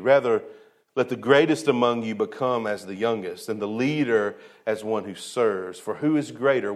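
Man preaching, swinging loud to hushed. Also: mid-range voice. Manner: casual, colloquial asides to the congregation. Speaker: pastor. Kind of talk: sermon.

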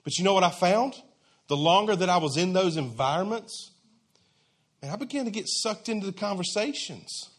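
Guy preaching, chatty and punchy, kinda high voice. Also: animated, moderate pace. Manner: conversational, emphatic, folksy. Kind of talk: sermon.

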